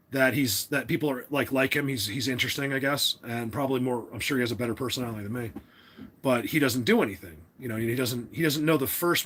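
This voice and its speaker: A man's voice: mid-range voice, a bit bright, slightly rough. A man hosting a casual livestream, talking to his chat in an opinionated, rambling way with many restarts. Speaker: livestream host.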